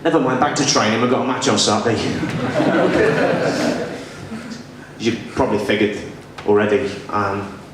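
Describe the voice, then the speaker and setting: A young man in his twenties with a generic northern English accent doing a lively, self-deprecating stand-up set on a small club stage. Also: lowish voice, unhurried, long pauses. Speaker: stand-up comedian. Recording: far-off echoey club recording with audience. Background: audience laughter and room noise.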